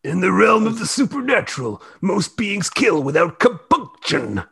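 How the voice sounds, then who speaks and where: A man's voice: high-pitched, very animated, moderate pace, vocal fry, a bit bright, husky, no room sound, full character voice. A man reading as a grave old monster hunter. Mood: lecturing.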